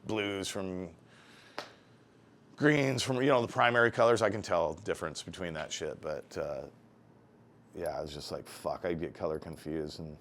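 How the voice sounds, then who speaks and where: Tattoo artist, male, very low voice, casual profane raconteur who gets animated retelling dialogue. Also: moderate pace, slight background noise. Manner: heavily profane, rambling anecdotes; animated when acting out dialogue. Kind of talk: casual storytelling interview.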